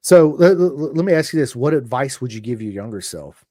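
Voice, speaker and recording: Man host, casual podcast chat, animated delivery, dry close sound. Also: medium pitch, brisk, dry recording. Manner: animated, swings loud and soft, acts out quotes.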